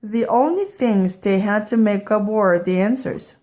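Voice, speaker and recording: A woman's voice: medium pitch, a little slow, darkish tone, voice pushed up, natural voice. A woman voicing a patient, kind female schoolteacher in a children's storybook read-aloud.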